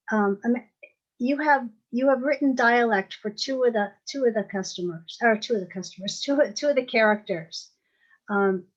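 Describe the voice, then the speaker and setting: A woman moderating an author Q&A, asking questions in a halting way with many fillers. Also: mid-range voice, lo-fi sound. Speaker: event moderator.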